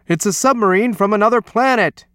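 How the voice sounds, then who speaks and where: A man voicing a panicked, bellowing male swim coach in a storybook reading, shouting his lines. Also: sits high, brisk, no room sound, studio quality, voice pushed up. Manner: shouting, shrieking.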